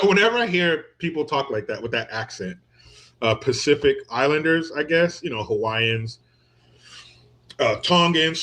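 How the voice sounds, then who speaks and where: A man riffing in casual commentary, crude and joking, often breaking into laughter. His voice sits at an ordinary middle pitch, and he keeps drifting off into long, meandering stories. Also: sharp tone. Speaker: commentator reacting to a viral clip.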